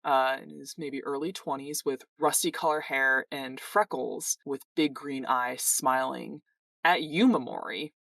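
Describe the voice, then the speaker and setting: Slow, dry-sounding game master. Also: mid-range voice, steady tone, creaky, a bit bright, no room sound, distant mic. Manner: descriptive, unhurried narration. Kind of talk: narrating a tabletop game.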